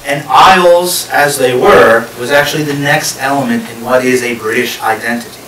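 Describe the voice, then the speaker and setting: A man of medium pitch and fairly bright tone talks at normal speed as guest lecturer at a public history event with a live audience. He goes through the material step by step while posing questions to the crowd. The audio is echoey, distantly miked, and faintly hissy.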